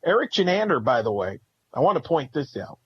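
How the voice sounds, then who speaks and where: Husky man on a dull, lo-fi line. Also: on the high side, brisk. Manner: lively, restarts sentences, upbeat. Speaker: podcast co-host. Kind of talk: sports talk podcast.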